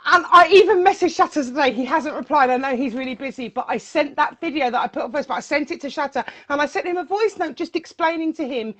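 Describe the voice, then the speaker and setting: A woman DJ speaking as a guest in a casual interview, animated and emotional, often repeating her words. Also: high-pitched, fast talker, hardly any pauses.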